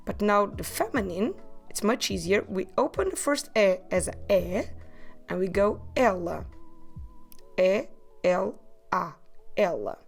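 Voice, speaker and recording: Woman language teacher, podcast lesson; unhurried, patient repeat-after-me delivery, gravelly texture. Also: mid-range voice. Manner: slow, careful pronunciation drills with repetition.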